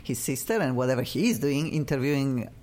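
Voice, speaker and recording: Effusive radio host, low lively voice. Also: female voice, a little fast. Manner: effusive, animated, playful. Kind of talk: casual radio chat. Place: radio studio.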